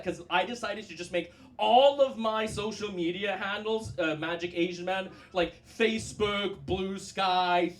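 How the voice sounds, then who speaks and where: A man in his thirties with a Scottish accent, doing a loud, energetic, self-mocking stand-up set as a comedian and magician. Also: sits high. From Southern California, raised in Scotland. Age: 30s. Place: live comedy stage. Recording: noisy live stage recording.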